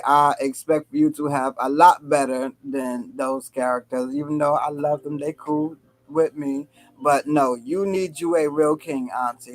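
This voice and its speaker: A man co-hosting a live stream, chatting casually and teasing with a playful, laughing manner. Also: medium pitch. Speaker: co-host of a live spiritual reading stream. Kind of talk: casual chat.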